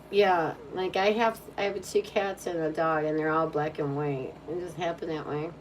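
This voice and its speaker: A woman with a lowish voice chats at a slow, unhurried pace, cooing baby talk to her dog between remarks. She sits back from the microphone. A faint background hum runs underneath. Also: distant mic. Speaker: tarot reader. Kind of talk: casual chat.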